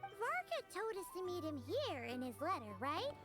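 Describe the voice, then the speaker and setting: A tiny childlike game companion with a very high, sing-song voice that bounces all over the place. She sounds bright and chatty as the game's music plays clearly underneath. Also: huge pitch swings, normal speed, heavily acted. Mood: curious. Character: small chirpy childlike female companion. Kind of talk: game dialogue. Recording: game audio with soft music.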